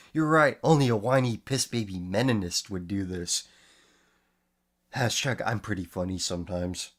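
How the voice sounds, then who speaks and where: Sarcastic man mocking posts, slightly low voice. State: losing his voice. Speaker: host. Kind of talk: casual commentary reading posts aloud.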